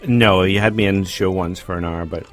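A man's voice: low-pitched, steady tone, a little fast, a bit bright, soft background music. A man in his fifties, guest co-hosting a radio show in casual, bantering chat. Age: 50s. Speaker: guest co-host.

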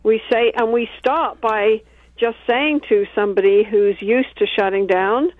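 A woman talks calmly about her work as a couples therapist, walking through examples from sessions. Her voice comes through a narrow, tinny line with a dry sound. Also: a little high, measured pace, no echo. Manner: calm, explains with acted-out examples. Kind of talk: interview conversation.

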